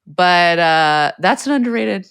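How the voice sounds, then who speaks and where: A woman co-hosting a podcast, trading wry, quick teasing banter in casual chat. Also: on the low side, expressive, vocal fry, fairly bright tone, clear, resonant tone, dry recording, studio quality. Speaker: podcast co-host.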